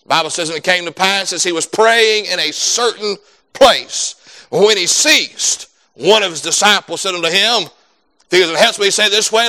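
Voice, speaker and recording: Fervent high-voiced preacher man. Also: normal speed, poor audio. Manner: fervent, prayerful, builds to loud emphatic preaching. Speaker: pastor. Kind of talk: sermon.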